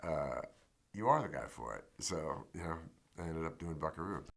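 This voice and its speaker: A man's voice: rumbling low, lively intonation, moderate pace, creaky, fairly bright tone. A male actor reflecting on a film role in an interview, musing and repeating himself.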